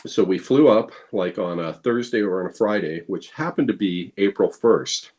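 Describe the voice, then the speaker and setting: A man's voice: sits low, animated, moderate pace, a little mellow. A man, a guest blacksmith, telling casual anecdotes full of fillers and restarts, acting out quoted lines. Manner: playful, acts out quoted lines. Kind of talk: casual storytelling chat.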